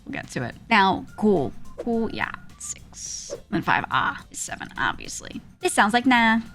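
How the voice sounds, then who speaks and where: A woman's voice: medium pitch, sing-song, moderate pace, fairly bright tone, faint music behind. A woman streamer giving a casual lesson on Korean letters, chatting as she demonstrates each sound.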